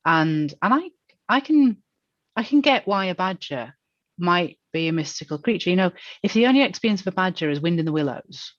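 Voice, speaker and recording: A woman appearing as a podcast guest, speaking in a thoughtful, wry and self-deprecating way as she calmly explains ideas. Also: on the low side, brisk, no room sound, highs cut off. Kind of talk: casual conversational podcast chat.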